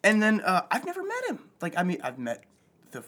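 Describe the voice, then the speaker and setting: Young man, casual co-host; lively, swinging delivery, frequent swearing. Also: sits high, fairly quick. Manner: animated storyteller, swears a lot. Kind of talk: casual chat.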